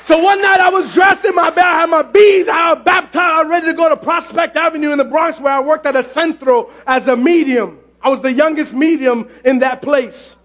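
A male pastor preaching a sermon, often shouting, telling his story with lively exclamations. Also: very high voice, brisk, hardly any pauses, some chatter behind. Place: church sanctuary.

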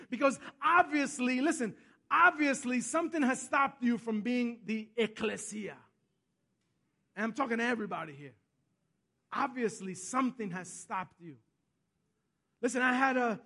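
A man preaching a sermon as pastor, telling stories and asking "Amen?", swinging between hushed and loud. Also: extremely high pitch. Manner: storytelling, repeats himself, asks the congregation "Amen?".

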